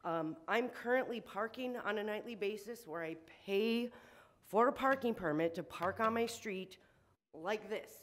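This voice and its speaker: A woman's voice: mid-range voice, measured pace. Woman, shaky emotional voice, indignant, hesitant ums, public comment. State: shaking with emotion. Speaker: resident speaking at public hearing. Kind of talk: public comment at city meeting.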